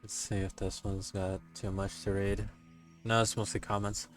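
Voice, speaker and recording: Low-voiced, joking male streamer. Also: little pitch movement, moderate pace, soft background music. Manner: joking, loose, swears casually. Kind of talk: casual stream commentary while reading game text.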